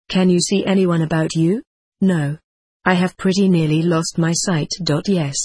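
A woman reads aloud in a lowish, slightly husky voice, recorded close and dry. Her delivery is plain and steady, and she even speaks the punctuation and section numbers. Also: no room sound. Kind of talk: audiobook reading.

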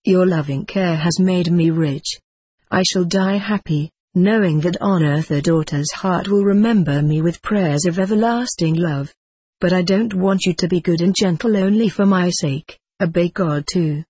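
A woman voicing an ailing, devout widowed mother who speaks slowly and tenderly, read as part of an audiobook. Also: lowish voice, mellow, husky, dry recording. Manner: slow, tender, pleading. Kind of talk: audiobook character reading.

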